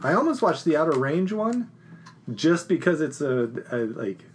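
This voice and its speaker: A man's voice: on the high side, very animated, a little hiss or hum. A man in his fifties co-hosting a podcast, chatting casually and joking with a playful manner. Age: 50s. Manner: playful, joking, quick to laugh. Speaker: podcast co-host. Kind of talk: casual chat.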